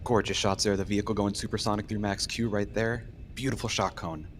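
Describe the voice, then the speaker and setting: A man co-commentating on a live launch, making quick, enthusiastic remarks. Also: lowish voice, little pitch movement, a little hiss or hum.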